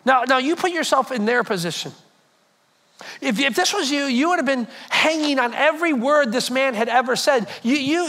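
A male pastor preaching a sermon to a congregation, animated and conversational, with frequent repetitions. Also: very high voice. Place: church hall before a congregation.

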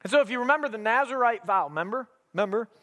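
High-voiced preacher with emphatic delivery. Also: male voice, lively intonation, very fast, pushed and bright. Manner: emphatic, conversational, with humorous asides. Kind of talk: sermon.

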